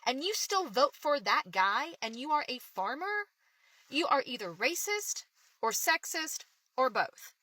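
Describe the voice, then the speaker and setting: A woman's voice: on the high side, bright, forceful tone, no room sound. A middle-aged woman from Oklahoma, a builder, ranting bluntly with profanity about politics. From Oklahoma, United States. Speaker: builder sharing opinions. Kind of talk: casual opinion rant to camera.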